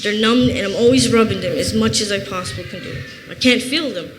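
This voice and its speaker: Speaking a little fast at medium pitch, this Chicago woman in her thirties shares a personal testimony at church, earnest and plain-spoken. The church hall is reverberant, with faint noise.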